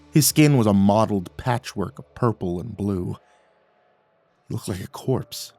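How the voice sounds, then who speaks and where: A man narrating a first-person horror story in a dramatic way, at times rising to near-shouts. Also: medium pitch, no room sound. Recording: faint music underneath.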